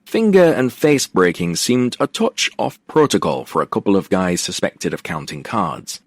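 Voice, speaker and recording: A man narrating a romance audiobook in the first person, wry and expressive, on a close studio mic. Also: fairly low pitch, moderate pace, no echo.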